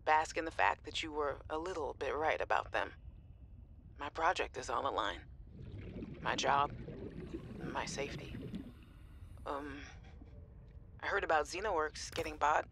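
A woman voicing a young scientist in a video game who records worried messages to her sister, halting and often sinking to a near whisper. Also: deep voice, animated, fairly bright tone, slight background noise, full character voice. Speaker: game character.

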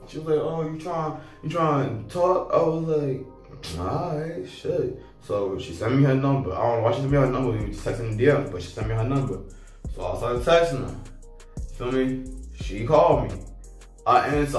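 A young man telling a casual storytime, slangy and animated, acting out both sides of the conversation. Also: medium pitch, moderate pace. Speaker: vlogger. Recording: echoey room heard from a distance, faint music.

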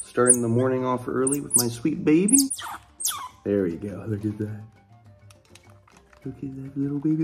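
A man's voice: mid-range voice, lively intonation, normal speed, long pauses, dark tone, soft background music. A young man hosting a wildlife vlog, narrating casually as he works with animals and cooing to them in baby talk. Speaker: wildlife keeper and vlog host.

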